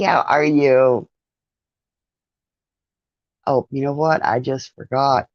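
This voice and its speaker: Slow gravelly woman chatting on a livestream. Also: extremely low pitch, fairly even intonation, a little mellow, dry recording, dull audio. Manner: chatty, greets viewers by name, laughs often. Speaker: livestream host. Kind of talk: casual live-stream chat with viewers.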